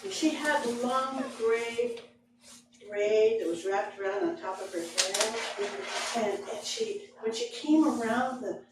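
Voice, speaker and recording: A woman storyteller telling a personal tale to a live audience, slow and dramatic with frequent chuckles. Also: a little high, animated. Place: library event room with live audience. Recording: echoey hall, distant mic, background noise.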